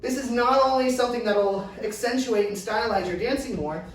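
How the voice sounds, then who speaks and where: A man's voice: very high-pitched, fairly quick. A man teaching a dance class, counting out steps and cheering the class on in an upbeat, encouraging way, laughing now and then. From California. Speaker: dance instructor. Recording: far-off mic in an echoey room.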